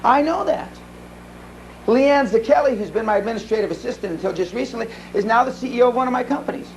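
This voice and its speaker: A man's voice: very high-pitched, quick pace, slight background noise, rough recording. A man giving a live seminar talk, telling blunt, profane stories full of restarts. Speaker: seminar speaker. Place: seminar room.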